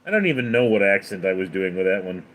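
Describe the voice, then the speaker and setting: A man's voice: deep voice, sing-song, quick pace, fairly bright tone. A man chatting casually on a livestream, answering viewers' questions in a rambling, hesitant way. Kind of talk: casual live chat.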